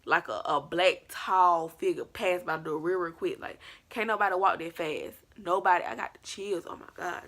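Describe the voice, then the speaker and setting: Woman vlogger, slightly low voice, casual and animated, acts out her story. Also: moderate pace, hardly any pauses. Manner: animated, colloquial, acts out scenes. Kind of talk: storytime vlog.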